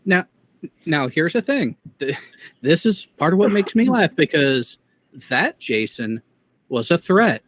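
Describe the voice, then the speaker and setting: A man's voice: fairly high pitch, big pitch swings, unhurried, a bit bright, no room sound. A man from the Midwest hosting a casual commentary chat, explaining things in a wry, playfully mocking way. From Midwest United States. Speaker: commentary show host.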